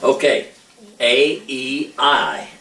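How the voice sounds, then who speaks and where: A man, a preacher, giving an informal ventriloquism lesson with slow, patient, drawn-out demonstrations. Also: mid-range voice, very animated, sharp tone. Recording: echoey room, mic far off.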